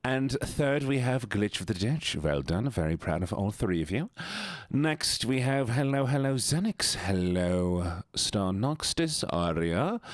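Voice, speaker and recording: A man's voice: medium pitch, dry recording, studio quality. A man livestreaming, chatting casually and teasing his viewers as he greets them one by one. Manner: playful, teasing, greets chat by name. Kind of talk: casual stream chat with viewers.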